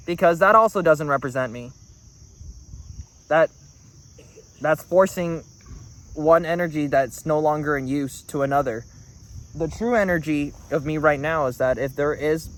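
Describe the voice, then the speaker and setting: Guy rambling to the camera, earnest and animated, crickets faint in the background. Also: a little high, slight background noise. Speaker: vlogger. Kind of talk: reflective monologue to camera.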